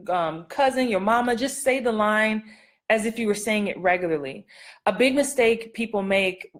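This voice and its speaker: A middle-aged woman acting coach giving casual live-stream advice, playful and sassy, laughing often and acting out line readings. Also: a little high.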